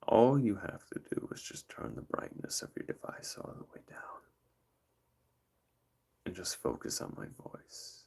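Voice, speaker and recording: A man putting on a slow, hushed bedtime voice in a whispered role-play, lulling the listener to sleep. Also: fairly low pitch, wildly swooping pitch, vocal fry, husky, full character voice. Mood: soothing. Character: soothing late-night bedtime whisperer, male. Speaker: livestream host.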